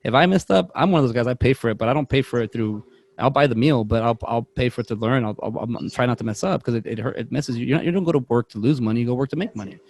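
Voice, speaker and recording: A man with a medium-pitched voice talks very fast as a podcast co-host. In casual chat he rambles through a long story about work, cutting himself off and animatedly acting out the voices of the people involved.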